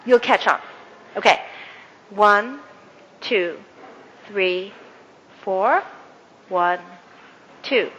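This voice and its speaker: A woman speaker leading an audience through a counting and clapping exercise, with many fillers and warm praise. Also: mid-range voice, very slow, long pauses, husky, dull audio. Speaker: guest speaker. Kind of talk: interactive workshop talk. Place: event hall with audience. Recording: echoey hall with faint ambience.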